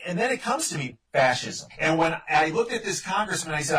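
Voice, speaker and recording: Physician guest, 50s, insistent storyteller, high voice, distant pickup. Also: male voice, big pitch swings, brisk, few pauses, fairly bright tone. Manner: emphatic, insistent, repeats the host's name. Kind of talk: phone-in interview storytelling.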